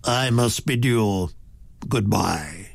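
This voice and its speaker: A man voicing a calm, mysterious stranger who speaks quietly and measured. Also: on the low side, gravelly, dry recording, exaggerated voice.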